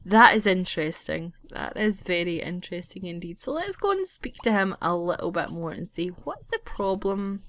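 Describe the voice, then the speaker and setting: A woman's voice: fairly low pitch, very animated, normal speed, hardly any pauses, fairly bright tone. A woman giving casual, giggly let's-play commentary, often exasperated with the characters. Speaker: gaming channel host.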